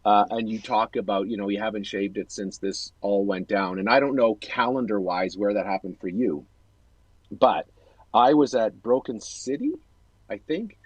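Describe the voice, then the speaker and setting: A man's voice: fairly low pitch, normal speed, breathy edge, no room sound, rough recording. A man hosting a casual video-call chat, telling a long, rambling personal story with self-corrections. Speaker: host.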